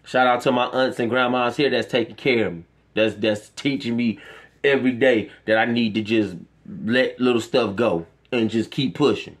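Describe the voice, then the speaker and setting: A man's voice: mid-range voice, fairly even intonation, moderate pace. Impassioned ranting man. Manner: impassioned, profane, preachy ranting. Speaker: vlogger. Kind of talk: emotional monologue to camera.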